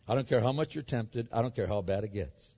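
A male pastor preaching a sermon, emphatic and animated, acting out the story as he reads it. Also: mid-range voice, a little fast, husky. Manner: animated, emphatic, acts out the scripture. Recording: echoey hall, dull sound.

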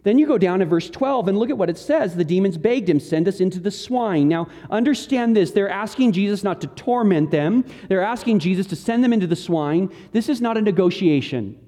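A man's voice: high-pitched, animated, fairly quick, hardly any pauses, warm tone, long reverb tail. A man preaching an earnest, emphatic sermon, working through scripture verse by verse. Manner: earnest, emphatic preaching with rising and falling intensity. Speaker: pastor. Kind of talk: expository sermon.

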